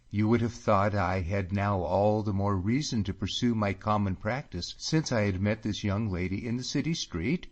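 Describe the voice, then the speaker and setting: A man narrating an audiobook in a measured, unhurried reading. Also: on the low side, lo-fi sound.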